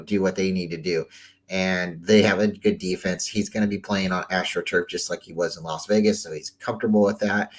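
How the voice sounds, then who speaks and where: A man's voice: deep voice, low-quality recording. A man hosting a casual football talk show, loose and chatty, often repeating words and trailing off mid-thought. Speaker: sports talk host. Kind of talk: casual sports commentary.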